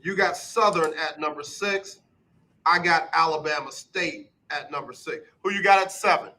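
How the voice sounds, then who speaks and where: A man hosting a casual sports talk radio show, quizzing his guest in a brisk, repetitive rhythm. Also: a little high, pushed and bright, rough recording.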